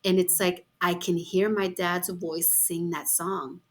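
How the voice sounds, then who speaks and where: A middle-aged woman hosting a podcast, telling a personal story in an expressive, heartfelt, chatty way with frequent exclamations. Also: on the low side, a little slow. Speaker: podcast host. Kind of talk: heartfelt casual conversation.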